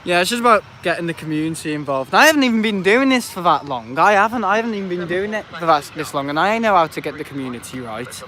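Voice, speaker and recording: A man with a fairly high-pitched voice talks loosely into a tablet while streaming outdoors. He rambles and laughs often between remarks. Faint outdoor traffic noise sits under his voice. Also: animated, quick pace, few pauses, sharp tone. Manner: rambling, chatty, laughs often, reads out chat. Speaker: planespotting livestreamer. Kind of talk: casual live-stream chat. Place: outdoors at an airport viewing park in the rain. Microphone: handheld tablet.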